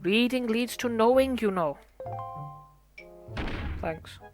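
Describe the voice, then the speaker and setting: A woman's voice: a little high, animated, takes it slowly, music in the background, pitched above the performer's own voice. A woman voicing a fussy, bookish old man who scolds his noisy brother in a pompous, huffy way while reading game dialogue aloud.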